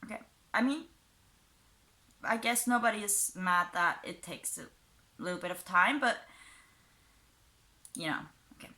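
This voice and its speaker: Woman, commentary YouTuber, sarcastic, mocking, bright tone, casual chat. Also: mid-range voice, expressive, unhurried, long pauses. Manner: sarcastic, mocking, chuckles between points; self-described unusual accent. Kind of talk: casual commentary reading out posts.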